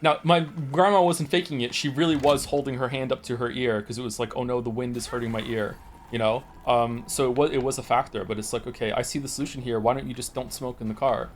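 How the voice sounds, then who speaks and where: Forties guy streaming, rambly and sweary, keeps restarting sentences, mid-pitched voice, faint noise behind. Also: steady tone, fast, hardly any pauses. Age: 40s. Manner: rambling, profane storytelling with many restarts. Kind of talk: casual chat.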